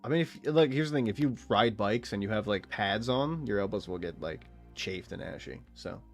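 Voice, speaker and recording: A man's voice: lowish voice, normal speed, faint music behind. A man in his late twenties, a streamer rambling and swearing through casual gaming chat. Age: late 20s. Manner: rambling, profane, animated storytelling.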